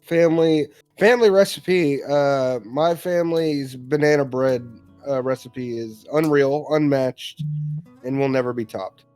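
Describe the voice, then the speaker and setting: A man's voice: mid-range voice, unhurried, a little mellow, smooth, faint music behind. A man co-hosting a casual online talk show, answering listener questions with laid-back quips. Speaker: podcast co-host. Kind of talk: casual chat.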